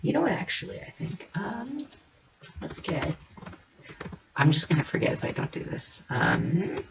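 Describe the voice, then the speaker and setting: A woman giving casual, rambling commentary while building in a game, playful, with sing-song noises and soft murmured asides. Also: low-pitched, very animated, unhurried, vocal fry, noisy background. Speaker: game streamer. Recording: keyboard and mouse clicks behind the voice.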